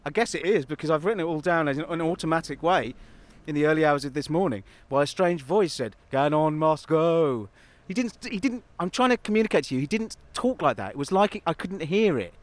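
A man with a high-pitched voice explains things in a rambling, playful way. He is chatting outdoors in a city park. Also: expressive, fast, no echo. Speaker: co-host, guide of the walk. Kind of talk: casual outdoor walking chat.

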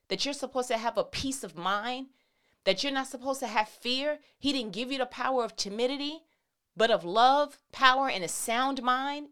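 A woman's voice: sits high, a bit bright. A woman giving an informal sermon and reading scripture, emphatic and conversational, with casual slang mixed into her preaching. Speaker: inspirational speaker.

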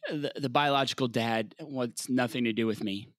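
Male podcast co-host, easygoing and joking, medium pitch, dry close sound. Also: moderate pace, no echo. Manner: easygoing, joking, quizzes his co-hosts. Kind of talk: casual chat.

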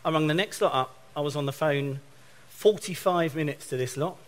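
A man's voice: on the high side, normal speed. A middle-aged man from England preaching a sermon, telling a story and acting out both sides of his phone calls.

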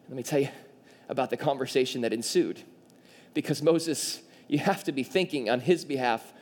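A man preaching a sermon as pastor, animated and acting out the people in his story. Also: medium pitch, normal speed. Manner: animated, acts out quoted voices.

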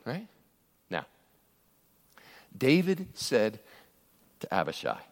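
An animated male pastor preaching verse by verse, his high voice leaping up and down as he acts out the people in the passage. The sound rings with a long reverb, as in a church sanctuary. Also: unhurried, long pauses. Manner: animated, acts out scripture voices with big pitch jumps. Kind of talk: expository sermon.

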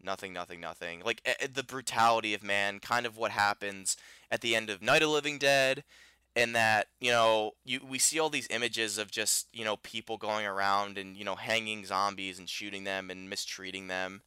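A man's voice: lowish voice, steady tone, normal speed, sharp tone, clear, resonant tone, dry recording. A man co-hosting a podcast, chatting casually and animatedly about a film, rambling with many restarts. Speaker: podcast co-host. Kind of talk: casual film review chat.

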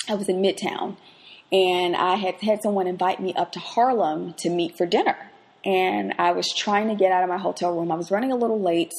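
A woman hosting a faith podcast, who moves between quiet reflection and lively personal stories as she teaches. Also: lowish voice. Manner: expressive, swings from hushed reflection to lively anecdote. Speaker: podcast host and Bible teacher. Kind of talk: devotional teaching with personal storytelling.

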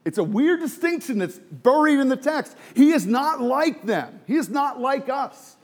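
A man's voice: very high-pitched, big pitch swings, measured pace. A man preaching a sermon, emphatic and full of rhetorical questions, sometimes dropping to a near whisper.

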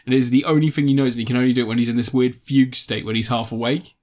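His mid-range voice is steady and somewhat dark, and he races along as he talks informally about a film he watched. The young reviewer swears, rambles, laughs often and restarts his sentences.

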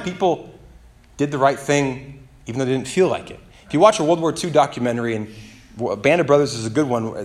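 A man preaching a sermon as pastor, animated and conversational, with playful asides and calls for the congregation to respond. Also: mid-range voice.

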